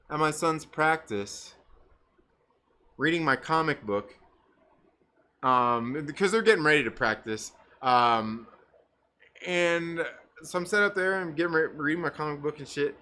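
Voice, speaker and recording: A man rants through a story on a casual live stream, his pitch swinging widely as he swears freely and breaks into laughter. His voice is bright and sharp. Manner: profane, animated, laughs mid-story. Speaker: livestream host.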